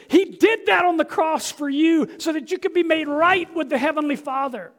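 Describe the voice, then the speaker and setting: A male pastor delivers a sermon with a strikingly high-pitched voice. He moves between quiet, hushed stretches and loud, shouted climaxes, telling the story with dramatic intensity.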